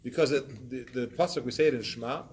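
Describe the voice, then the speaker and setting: A man teaching a Torah class, explaining points with animated examples and acted-out excuses. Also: mid-range voice, fast, a little hiss or hum. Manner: animated, acts out excuses in voices.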